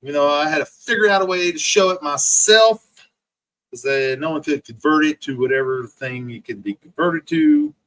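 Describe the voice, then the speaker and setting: Profane ranting livestream man, bright voice. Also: a little high, very animated, moderate pace, poor audio. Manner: profane, mocking, repetitive ranting; reads and answers chat comments. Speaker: livestream host.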